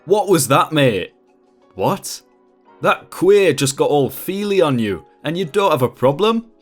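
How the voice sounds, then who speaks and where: A man's voice: a little high, big pitch swings, drawn-out words, darkish tone, soft background music, full character voice. A man putting on a sneering, rude hotel guest. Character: rude bigoted adult male hotel guest.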